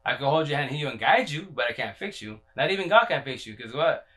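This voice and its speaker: A man's voice: mid-range voice, expressive, fast, pushed and bright. A man in a casual livestream talk, rambling and profane, full of slang, often repeating himself and restarting his sentences.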